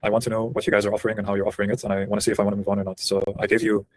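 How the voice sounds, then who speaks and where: A man's voice: lowish voice, flat delivery, very fast, a little mellow, slight background noise. A man in his twenties on a call as a prospective client, blunt, frustrated and confrontational. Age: 20s. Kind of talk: tense call conversation.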